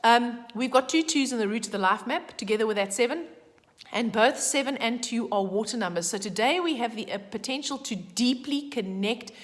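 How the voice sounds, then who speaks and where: A woman giving a casual, chatty daily numerology forecast, emphatic and animated with asides. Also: a little high, fairly quick, long reverb tail. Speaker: numerology vlogger.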